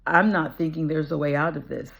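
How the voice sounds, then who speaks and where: A woman's voice: sits low, steady tone, fairly quick, vocal fry, fairly bright tone. A woman, a practicing attorney, telling her personal story earnestly and reflectively, with frequent "you know" fillers. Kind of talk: personal testimony vlog.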